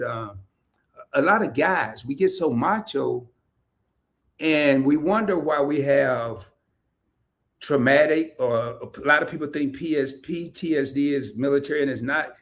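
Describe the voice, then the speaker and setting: A man hosting a casual livestream interview, chatty and animated, laughing often as he reads comments. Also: a little high, normal speed. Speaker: podcast host. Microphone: streaming setup, remote call.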